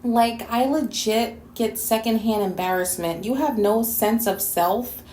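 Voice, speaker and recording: A woman from New York City delivers a blunt, scolding rant with plenty of sass in her slightly high voice. The sound bounces around a reverberant room. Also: measured pace, a little mellow, a little hiss or hum. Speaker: YouTube reactor and host. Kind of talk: response video rant.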